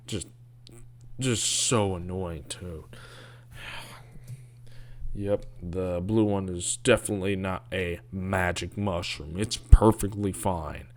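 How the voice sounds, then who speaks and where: A man giving casual, rambling commentary on a video, sarcastic and grumbling, with mocking asides. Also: low-pitched.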